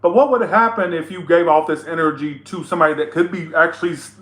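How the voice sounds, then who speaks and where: A man's voice: on the high side, fast, fairly bright tone, roomy sound. A man giving a casual tarot reading to camera, blunt, teasing and full of profanity. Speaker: tarot reader.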